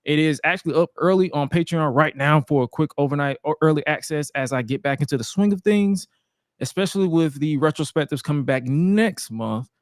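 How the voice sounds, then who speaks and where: A podcast host with a slightly high voice and a brisk pace runs a live wrestling and sports show, chatting in a laid-back, slangy style and calling out to listeners. The sound is studio quality with no room sound.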